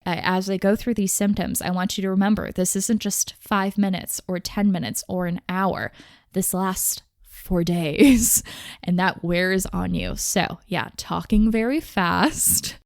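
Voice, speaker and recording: A young woman hosting a podcast, talking candidly and casually, often in quick bursts peppered with "like". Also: fairly low pitch, creaky, no room sound, clean studio sound. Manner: chatty, candid, fast bursts with frequent "like". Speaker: podcast host. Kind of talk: casual personal talk on mental health.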